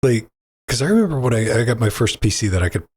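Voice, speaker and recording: A man's voice: medium pitch, very animated, fast, darkish tone, slightly rough. A man co-hosting a gaming podcast in loose, rambling banter, swearing casually and restarting his sentences. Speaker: podcast co-host.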